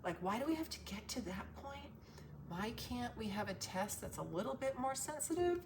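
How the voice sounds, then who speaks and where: A woman's voice: on the high side, big pitch swings, normal speed, background noise. A woman vlogging casually to camera, frustrated and ranting, swearing freely as she talks. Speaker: wellness vlogger. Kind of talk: casual talking-to-camera vlog.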